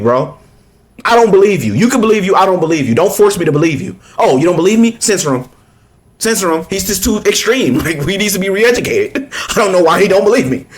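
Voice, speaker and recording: Male reaction commentator, heated and profane, high-pitched. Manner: blunt, profane, heated, lots of restarts. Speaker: political commentator reacting to a clip.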